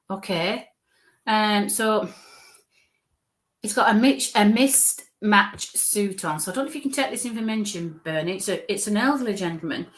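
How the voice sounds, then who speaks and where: A woman's voice: medium pitch, a bit bright. Chatty northern English woman medium. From northern England. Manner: chatty, reassuring, repeats okay and bless you. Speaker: medium giving live readings. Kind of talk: live spirit reading to online viewers.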